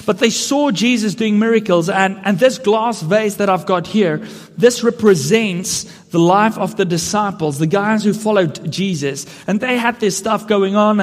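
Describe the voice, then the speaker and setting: High-voiced preacher in a reverberant hall. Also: male voice. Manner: earnest, building to emphatic questions. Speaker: pastor. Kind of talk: sermon.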